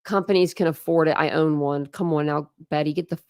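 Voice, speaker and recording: A woman's voice: deep voice, fairly even intonation, fast talker, darkish tone, clear, resonant tone, dry recording. Sarcastic woman in a dry room. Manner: sarcastic, mocking asides. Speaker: channel host reacting to a clip. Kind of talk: sarcastic reaction commentary.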